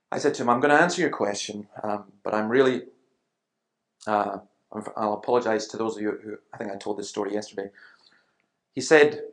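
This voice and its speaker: A man, speaking as a Christian speaker in a conversational talk, telling stories and acting out the voices of people he quotes. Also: on the low side. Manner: animated storyteller, acts out quoted voices.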